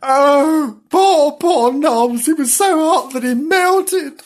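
A woman doing a squeaky, panicky male animal. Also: slow. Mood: alarmed. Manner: squeaky and alarmed. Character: anxious, gullible male farm animal.

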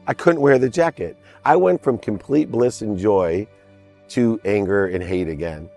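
Low-voiced man telling a heartfelt story. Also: expressive, measured pace, gravelly, darkish tone, soft background music. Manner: emphatic, heartfelt storyteller who stresses key words. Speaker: interview guest. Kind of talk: personal storytelling in a podcast interview.

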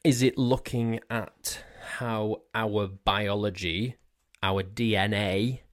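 A man's voice: on the low side, fairly even intonation, slow. A man hosting a solo podcast, rambling and jokey, often tripping over his words as he talks into a desk mic. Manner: jokey, self-mocking. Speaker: podcast host. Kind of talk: casual solo podcast monologue. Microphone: desk mic on a stand.

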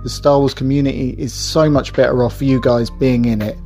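A man giving an enthusiastic, warm-hearted recorded message of congratulations. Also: mid-range voice, steady tone, brisk, soft background music.

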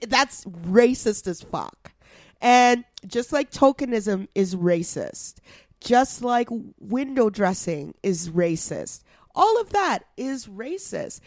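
A woman's voice: medium pitch, darkish tone, no echo, clean studio sound. A woman co-hosting a podcast, ranting bluntly and swearing freely in casual chat. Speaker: podcast co-host.

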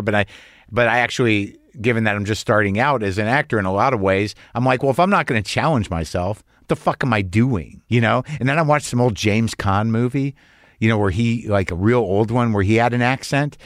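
A man hosting a casual interview, relaxed and laughing often, with occasional swearing. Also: fairly low pitch, dry recording, studio quality. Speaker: host and actor.

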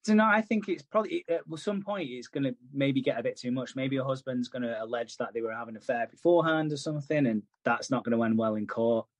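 A man's voice: medium pitch, fast, hardly any pauses, dry recording. A man co-hosting a podcast, recapping a soap in a casual, sweary, rambling way. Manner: sweary, rambling, acts out characters' lines. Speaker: podcast co-host.

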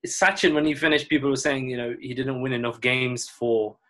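A relaxed man in an easygoing interview, reflecting on his playing days at an even, middle pitch. He talks things through at his own pace and slips into the voices of people he is quoting. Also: brisk. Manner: relaxed, reflective, acts out quoted dialogue. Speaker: former cricketer and coach. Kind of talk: casual interview storytelling.

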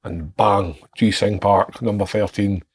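A man's voice: lowish voice, steady tone, unhurried, slightly rough, no room sound. A Scottish man co-hosting a podcast, blunt and sweary in casual banter. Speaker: podcast co-host, former footballer.

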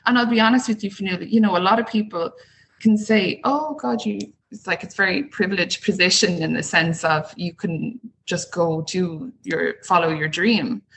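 A woman's voice: fairly low pitch, normal speed, vocal fry, slight background noise, rough recording. A woman, a guest on an interview podcast, talking casually and acting out the voices she quotes. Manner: animated storytelling, acts out quoted voices. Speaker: guest, small business owner.

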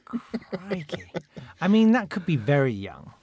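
A man's voice: high voice, sing-song, a little slow, a little mellow, husky, dry recording, studio quality. Wry jokey man. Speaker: guest. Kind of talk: casual chat.

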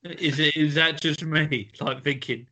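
A man's voice: a little high, steady tone, unhurried, sharp tone. A man hosting a podcast quiz in casual chat, playful and giggly, often tripping over his words. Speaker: podcast host running a quiz.

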